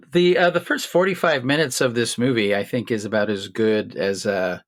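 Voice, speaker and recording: A man's voice: fairly low pitch, moderate pace, a bit bright, no room sound. A man cohosting a film podcast, chatting casually and reading a comic synopsis in a jokey, rambling way full of fillers.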